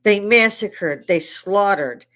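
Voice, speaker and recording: A woman's voice: medium pitch, slow pace. Profane, heated older woman ranting. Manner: profane, heated, rising to shouts. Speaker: livestream host. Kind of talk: angry political rant; veteran speaking.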